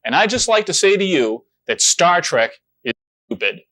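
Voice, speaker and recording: A man's voice: high voice, big pitch swings, normal speed, sharp tone. A man, the show's producer and host, delivering an indignant, sarcastic comedic rant to camera.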